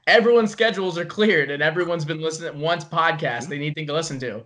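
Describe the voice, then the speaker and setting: A man's voice: fairly high pitch, fast talker, fairly bright tone. A young man co-hosting a podcast, talking eagerly and rambling, often correcting himself mid-sentence. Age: young adult. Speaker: podcast co-host. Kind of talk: casual podcast chat.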